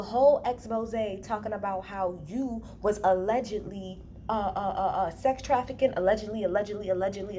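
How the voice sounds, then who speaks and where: A woman recording a casual reality TV recap on a handheld phone, talking to her viewers in a blunt, animated rant full of profanity. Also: mid-range voice, slight background noise. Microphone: handheld phone, no tripod.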